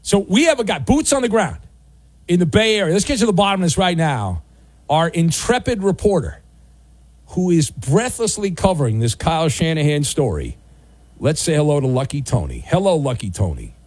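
A man hosting a sports talk radio show from a studio, wry and bantering, with bursts of loud mock outrage. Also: fairly high pitch, sing-song, moderate pace, husky, no echo. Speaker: radio host. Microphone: studio microphone.

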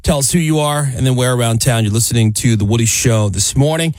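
A man hosting a morning radio show, joking and animated, with quick asides. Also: mid-range voice, dry recording, clean studio sound. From US mid-Atlantic. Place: radio studio. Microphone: studio microphone.

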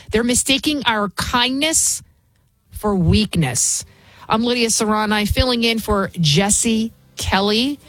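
A woman's voice: mid-range voice, no room sound, low-quality recording. A woman hosts a talk radio slot and rants in a combative, scornful way, tripping over restarts as she goes. Her voice sits close to the mic in a dry studio with no room sound. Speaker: fill-in radio host. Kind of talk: opinionated talk radio monologue.

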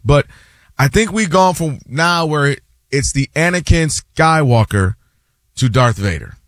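A man's voice: a little high, measured pace, no room sound, studio quality. A man hosting a sports talk show, arguing his point in casual chat and acting out fans' voices. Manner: animated, acts out fans' and players' voices.

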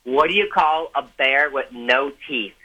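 A man's voice: mid-range voice, unhurried, pushed and bright. A man calling a radio show by phone to share a joke, polite and plain. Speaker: caller. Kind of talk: call-in joke. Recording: tinny phone line.

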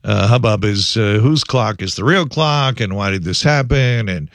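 A man's voice: fairly low pitch, animated, normal speed, no room sound. A man hosting a casual morning radio show, chatting and telling stories with many fillers. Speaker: radio breakfast show host.

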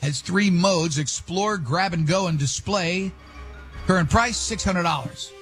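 A man's voice: high-pitched, unhurried, a bit bright, soft background music. A man hosting a radio show, reading entertainment news with sarcastic asides.

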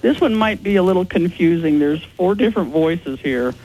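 A man's voice: high voice, lively intonation, normal speed, a little mellow, rough recording. A man answering interview questions as a ghost investigator, explaining in a matter-of-fact way.

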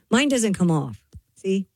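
A woman's voice: medium pitch, very animated, extremely slow, darkish tone, husky, no echo, studio quality. A woman co-hosting a radio show, reading news items and chatting. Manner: reads news items, then chats and explains. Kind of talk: casual morning radio banter.

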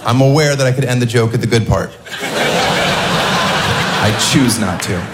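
A man doing a stand-up comedy set with a deadpan, mocking delivery. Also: mid-range voice, normal speed. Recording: live club set, echoey, loud crowd and noise. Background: audience laughter.

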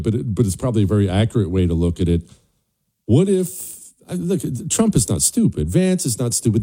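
A man's voice: fairly low pitch, mellow. A male talk show host giving an emphatic, scornful political monologue, repeating his points for stress.

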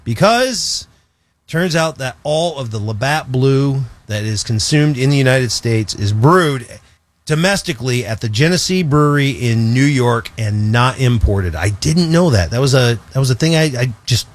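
A man co-hosting a radio show in casual on-air chat, animated and jokey, often restarting his sentences. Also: mid-range voice, moderate pace. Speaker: radio co-host.

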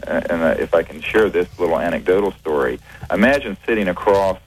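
A very deep-voiced man talks as a guest on a radio interview. He speaks in a measured way, pausing often and restarting his sentences. The sound has the quality of a radio broadcast. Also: rough recording. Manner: measured, hesitant, many fillers and restarts. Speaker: guest, researcher.

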